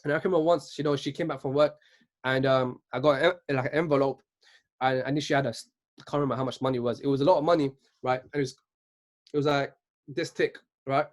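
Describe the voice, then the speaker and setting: Fast-talking earnest young man. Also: medium pitch, fairly even intonation. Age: 20s. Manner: earnest, keeps asking "right?". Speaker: speaker at a virtual business event. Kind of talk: motivational talk.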